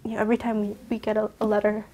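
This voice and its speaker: A young woman who runs a Bible school, giving an excited testimony. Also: medium pitch, racing, a little hiss or hum. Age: young adult. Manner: bubbly, excited. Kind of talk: testimony interview.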